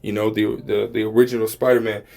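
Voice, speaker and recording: A man's voice: on the low side, level tone, fast, creaky, darkish tone. A man giving a casual religious talk, rambling and profane, with many filler words.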